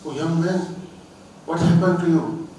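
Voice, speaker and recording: A man's voice: a little high, unhurried, mellow, a little hiss or hum, pitched above the performer's own voice, lightly acted. A man voicing a condescending businessman in a spoken parable, persuasive and repetitive. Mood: coaxing. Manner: persuasive, repeats himself. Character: pushy middle-aged businessman, condescending. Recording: very echoey distant hall mic.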